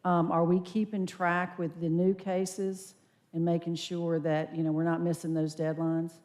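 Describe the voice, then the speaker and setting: A woman speaking as vice chair at a public county board meeting, asking direct, measured questions. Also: on the low side, level tone, a little mellow.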